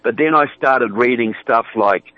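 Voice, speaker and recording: A man's voice: medium pitch, moderate pace, no echo. A man with a New Zealand accent, a guest on political talk radio, talking emphatically and often repeating words as he starts a point. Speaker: guest on the phone. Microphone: phone. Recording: tinny dry phone line.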